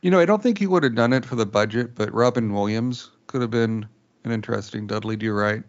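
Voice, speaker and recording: A man's voice: medium pitch, a little fast, muffled recording. A man chatting casually as a podcast co-host, critical and hesitant, with many fillers. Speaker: podcast co-host, film reviewer. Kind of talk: casual chat.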